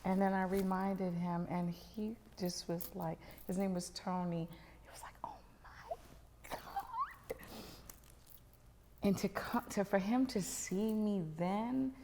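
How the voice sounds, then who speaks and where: A middle-aged woman telling a personal story as a podcast guest, animated and dropping to whispers at tense moments. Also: mid-range voice, unhurried, hardly any pauses, big-room sound, slight background noise.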